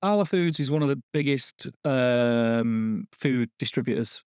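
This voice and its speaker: A man with a mid-pitched voice, co-hosting a casual podcast. He throws in quick teasing quips while explaining things plainly. The recording is dry and close. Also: darkish tone, clear, resonant tone, no room sound. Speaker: podcast co-host. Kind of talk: casual chat.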